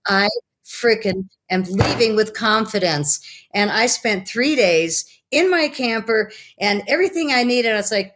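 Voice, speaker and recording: Animated woman telling a story. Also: mid-range voice, unhurried. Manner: animated, acts out her own quotes. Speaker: guest. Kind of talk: casual storytelling.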